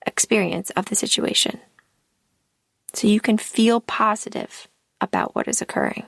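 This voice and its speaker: A woman coaching through a podcast episode in an unhurried, measured way, letting her sentence ends fall away into breath. Her voice carries a gravelly, creaky texture. The recording is close and dry, with no room sound. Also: mid-range voice, dry recording. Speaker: life coach, podcast host. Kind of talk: slow scripted podcast monologue.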